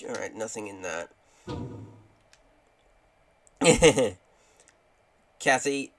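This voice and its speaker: A man's voice: animated, slow, a bit bright. A man streaming a game live, joking around and reading in-game messages aloud. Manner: jokey, chatty, reads game texts aloud in a low voice.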